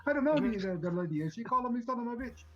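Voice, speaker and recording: A man telling a joke in the voice of a bumbling Italian tourist, in put-on Italian-accented broken English with deadpan delivery. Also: very high voice, rapid-fire, highs cut off, voice pushed up. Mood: joking.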